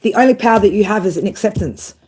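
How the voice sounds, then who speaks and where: A woman's voice: mid-range voice, animated, fast, warm tone, husky. A woman in her thirties giving a blunt tarot reading, swearing freely, handing out tough love and asking "right?" over and over. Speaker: tarot reader.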